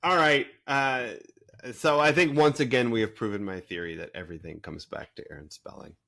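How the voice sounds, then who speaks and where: A man co-hosting a podcast, talking in a casual, animated way with many fillers. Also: mid-range voice, a little fast, gravelly. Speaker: podcast co-host. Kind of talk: casual chat.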